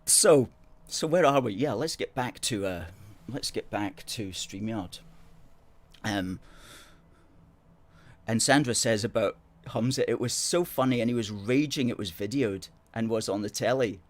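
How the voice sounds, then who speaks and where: A middle-aged man hosting a live stream, chatting casually and playfully as he reads out viewer comments. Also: lowish voice. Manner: playful, chatty, self-mocking. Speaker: host.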